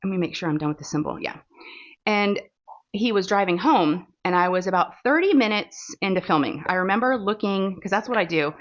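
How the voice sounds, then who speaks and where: A woman's voice: mid-range voice, animated, a little fast. A woman with a Texan accent, chatting casually and rambling with fillers as she hosts a crafting vlog. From Texas. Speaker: crafting channel host. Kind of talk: casual chat while diamond painting. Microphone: phone. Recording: dull lo-fi phone recording.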